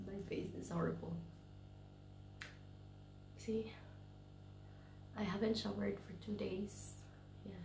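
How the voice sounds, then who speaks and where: A woman's voice: medium pitch, steady tone, slow, vocal fry, long pauses, a little mellow, roomy sound, a little hiss or hum. A woman vlogging from a bedroom while sick with a cold, speaking tiredly and often dropping to a whisper. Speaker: vlogger, English teacher. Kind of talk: casual vlog chat. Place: bedroom at home, in self-quarantine.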